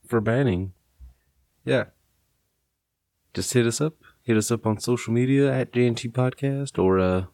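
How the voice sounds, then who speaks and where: A man's voice: mid-range voice, mellow, no room sound. A young adult man hosting a podcast in casual chat, laid-back, swearing and laughing often. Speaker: podcast host.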